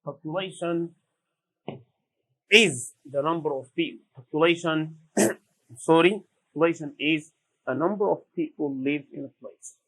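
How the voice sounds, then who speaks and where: A man teaching English vocabulary, repeating each word slowly and deliberately. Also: on the high side, fairly bright tone, slightly rough, poor audio. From Sudan. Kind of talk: slow classroom vocabulary lesson.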